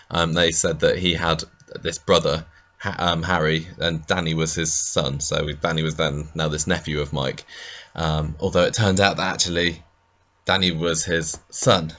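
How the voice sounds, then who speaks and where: A man with a very low voice chats on a podcast. He muses in a relaxed way, with plenty of ums and easy laughs. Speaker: podcast co-host. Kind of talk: casual chat.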